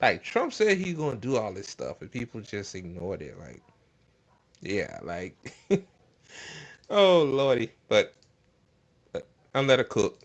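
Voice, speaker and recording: A man's voice: on the low side, wildly swooping pitch, unhurried, pauses often. A man hosting a casual political commentary stream, ranting in a profane, exasperated way. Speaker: host.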